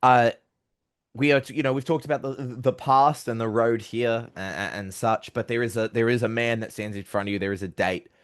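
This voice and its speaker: A man's voice: mid-range voice, fairly even intonation, fairly quick, smooth. A man interviewing a fighter, asking questions in a playful, teasing way. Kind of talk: casual interview.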